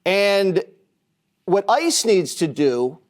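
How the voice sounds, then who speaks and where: A male television commentator talks in blunt, declarative statements, delivering cable news commentary in a slightly high voice. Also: very animated, extremely slow.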